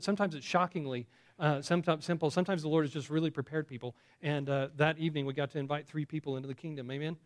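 A pastor preaching a conversational sermon, asking the congregation questions, with many fillers and restarts. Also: male voice, fairly high pitch, steady tone, very fast.

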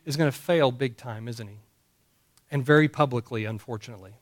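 Emphatic preacher, man, fairly high voice. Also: expressive, fairly quick. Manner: emphatic, with rhetorical questions and repetition. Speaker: pastor. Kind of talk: sermon. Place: church service.

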